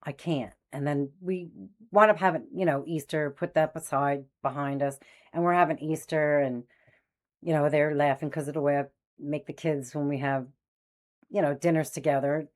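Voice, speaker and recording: Low-voiced woman in her sixties telling stories. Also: normal speed. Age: 60s. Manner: animated, acts out quoted voices. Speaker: spiritual medium host. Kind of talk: personal storytelling.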